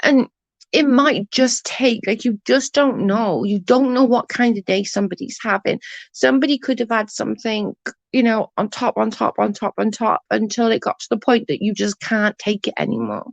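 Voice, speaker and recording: An English woman hosting a livestream chats casually while answering comments, blunt and sweary. Her voice is a little high with vocal fry, at normal speed. The stream audio is dull, dry and lo-fi, with no echo.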